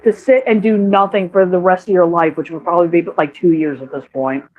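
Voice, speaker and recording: A woman's voice: lowish voice, steady tone, a little fast. Tinny-sounding swearing woman, laughing often. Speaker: podcast co-host. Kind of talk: casual chat. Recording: tinny phone-like line.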